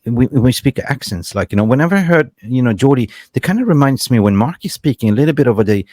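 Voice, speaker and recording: A man's voice: medium pitch, lively intonation, fast, mellow, dry recording. A man hosting a casual football fan chat, telling stories with lots of laughs and repeated words. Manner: chatty storyteller, laughs often, repeats words. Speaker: host.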